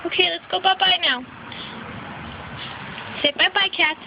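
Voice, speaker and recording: A woman's voice: extremely high pitch, fairly even intonation, a little slow, background noise. A woman filming on a phone, coaxing and encouraging a toddler in sing-song baby talk. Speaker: parent or caregiver filming a toddler. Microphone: phone camera. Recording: dull lo-fi phone recording.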